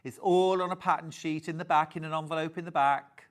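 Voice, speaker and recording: A man's voice: on the high side, fairly even intonation, fairly quick. A man hosting a live TV shopping sale, chatty and gushing, reading out viewers' messages and calling them darling. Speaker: shopping channel host. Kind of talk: live TV shopping sales pitch.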